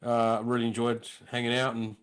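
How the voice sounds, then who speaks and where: A man's voice: monotone, normal speed, a little hiss or hum. A male comedian chatting as a podcast guest, loose and rambling, his voice swinging up and down. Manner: loose and rambling, swinging between high and low. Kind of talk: casual podcast chat.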